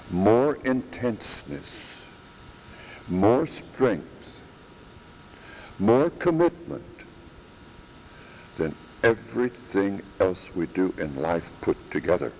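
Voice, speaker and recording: Slow, emphatic male preacher in a hall. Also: low-pitched, darkish tone, slight background noise. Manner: slow, emphatic, repeats phrases for stress. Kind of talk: sermon. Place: church.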